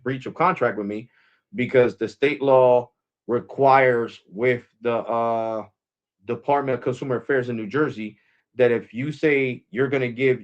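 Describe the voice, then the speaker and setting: A man's voice: medium pitch, muffled recording. An American man live streaming as host, talking casually and with exasperation, repeating himself as he rambles. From United States.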